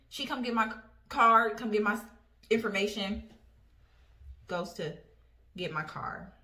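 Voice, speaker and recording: A woman in her twenties telling a personal story in a casual vlog, animated and profane. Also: on the high side, normal speed, long pauses. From Indiana. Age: 20s. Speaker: storytime vlogger. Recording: roomy echo.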